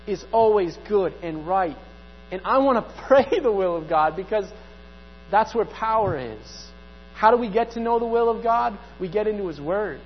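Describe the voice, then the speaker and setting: A man's voice: high-pitched, a little hiss or hum. Male pastor, sermon delivery, conversational with repeated emphatic lines; long hall reverb, dull recording.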